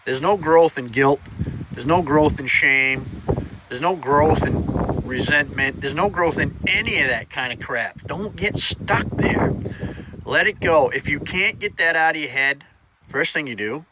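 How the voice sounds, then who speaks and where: A man's voice: a little high, normal speed, background noise. A man giving a casual motivational talk as a vlogger, blunt and plainspoken with a folksy way of putting things.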